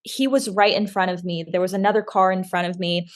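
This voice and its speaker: A woman's voice: on the low side, fairly quick. A young woman from the Kentucky area, co-hosting a podcast, telling a story in casual talk with lots of "like", acting out the quotes. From Kentucky area, USA. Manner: animated, acts out quotes, frequent "like". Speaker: podcast co-host.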